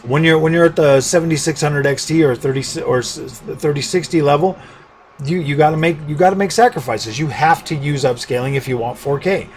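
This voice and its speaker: A man's voice: fairly high pitch, a little hiss or hum. A man talking casually as a tech YouTuber, rambling with frequent restarts and dry sarcasm. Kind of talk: casual talking-head commentary.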